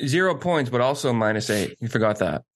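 A man co-hosting a casual hockey podcast, replying in a calm, dry, teasing way. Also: mid-range voice, fairly quick, no echo. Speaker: podcast co-host.

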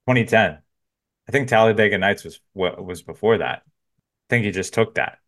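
A man's voice: fairly low pitch, moderate pace, a bit bright. A man co-hosting a podcast in casual comedic banter, laid-back, setting up bits and laughing often. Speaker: podcast co-host.

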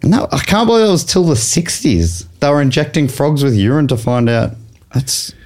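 A man's voice: on the high side, expressive, darkish tone. Australian man hosting a comedy quiz. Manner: reads trivia with mock drama, quick to laugh. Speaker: game show host. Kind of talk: comedy podcast banter.

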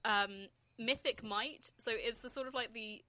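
A woman tabletop player, describing her character in a relaxed way with fillers. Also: on the high side, unhurried. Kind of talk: casual chat describing a character.

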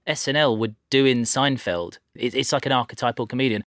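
A man's voice: mid-range voice, brisk, fairly bright tone, no room sound. A man hosting a podcast in a studio, chatting casually and explaining things with many restarts. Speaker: podcast host. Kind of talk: casual chat. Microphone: studio headphones and mic.

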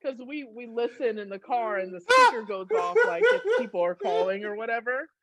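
A woman in her thirties, a guest on a podcast, telling a story with lots of laughter and high excited squeals. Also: fairly quick, muffled recording, over a noisy crowd. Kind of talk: casual storytelling.

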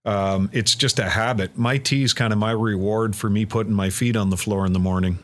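A man's voice: fairly low pitch, fairly even intonation, a little fast. A middle-aged Canadian man with a Canadian accent, a radio host chatting easily as a podcast guest, telling stories with plenty of fillers. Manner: easygoing, storytelling, filler-heavy. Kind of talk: casual podcast chat.

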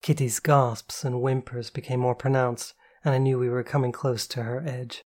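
A woman reading a novel aloud in the first person, calm, slow and intimate. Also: a bass voice. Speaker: audiobook narrator.

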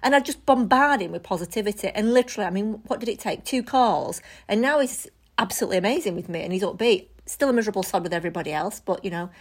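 A woman co-hosting a casual chat, telling lively stories and laughing often. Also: mid-range voice, fast talker, hardly any pauses. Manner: animated storyteller, laughs often. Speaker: co-host.

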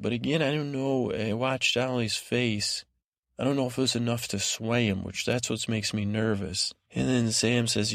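A man's voice: lowish voice, steady tone, moderate pace, creaky, no echo, clean studio sound. A man hosting a sleep podcast, giving a meandering recap of a TV episode with lots of fillers and restarts. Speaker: podcast host. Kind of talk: rambling bedtime recap.

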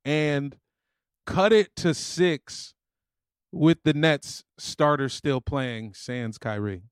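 A man co-hosting a casual sports podcast, breaking down the game and tossing in quick jokes. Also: fairly high pitch, lively intonation, clear, resonant tone, no echo, studio quality. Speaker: podcast co-host.

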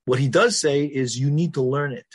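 A middle-aged man, a rabbi, teaching a class on religious texts. He reads Hebrew passages quickly, then explains them in English, firing questions at his students and answering them himself. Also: mid-range voice, slightly rough.

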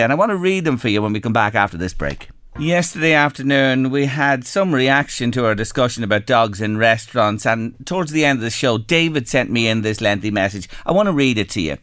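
Irish male host; casual radio chat, animated reading voice, close dry booth sound. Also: medium pitch, no echo. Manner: lively storytelling, animated when reading.

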